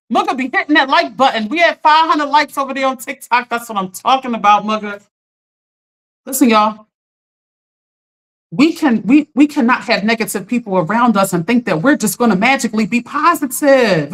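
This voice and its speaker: A woman giving an emphatic, encouraging motivational talk as a life coach, speaking straight to her live-stream viewers as "y'all.". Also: on the high side. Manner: earnest and encouraging, greeting viewers by name.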